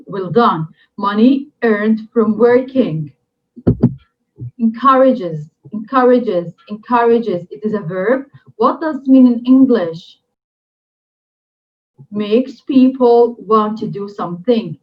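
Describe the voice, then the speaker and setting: A woman teaching an English lesson, slow and deliberate, repeating each new word three times for drilling. Her first language is Arabic. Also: medium pitch. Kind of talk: recorded classroom lesson. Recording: dull lo-fi recording.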